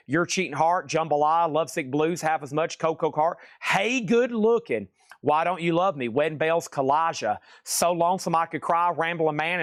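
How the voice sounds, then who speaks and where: A man hosting a live online record sale, firing off prices and titles in quick, excitable patter. He keeps breaking into exclamations. His voice sits close and dry, with no room sound around it. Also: fairly high pitch, dry recording. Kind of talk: live-stream sales patter.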